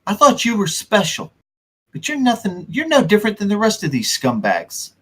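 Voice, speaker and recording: Brief: man doing an outraged young guard, voice cracking high, yelling, pitch swinging wildly. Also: wildly swooping pitch, moderate pace, exaggerated voice. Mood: bitter. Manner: shouting, accusing. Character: angry betrayed young male town guard.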